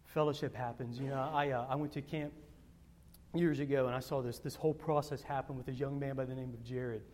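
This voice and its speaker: A male pastor preaching a sermon, telling personal stories in a rambling way, repeating words and swinging from loud to hushed. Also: mid-range voice, fairly even intonation, brisk.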